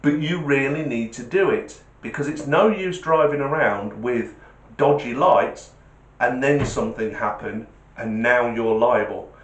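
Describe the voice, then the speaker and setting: A man's voice: mid-range voice, measured pace. A man hosting a vlog, talking casually and homely, telling a joke. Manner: chatty, homely, repeats sign-off requests. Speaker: vlogger. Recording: roomy echo.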